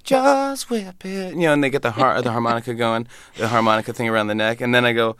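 A man, a comedian, telling a lively story in an interview and acting out other people's voices. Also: medium pitch, racing, smooth, dry recording, clean studio sound. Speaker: comedian guest.

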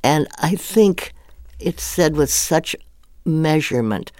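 An older actress telling rambling, animated anecdotes in a casual interview, laughing often. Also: female voice, low-pitched, slow pace, dry recording, studio quality. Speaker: guest actress.

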